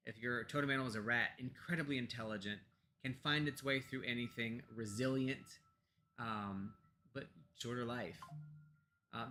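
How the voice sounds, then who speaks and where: Bright-voiced American man, rambling chat. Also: medium pitch, a little hiss or hum. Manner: rambling, with many fillers and restarts; talks softly to pets off to the side. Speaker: co-host of a pagan discussion show. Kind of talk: casual chat.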